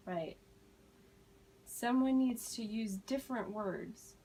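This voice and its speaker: Woman teacher, kinda high voice, talks real slow n clear to her class, faint room hum behind. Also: expressive, a bit bright, poor audio. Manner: slow, deliberate modeling of phrases, encouraging praise. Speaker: ESL teacher.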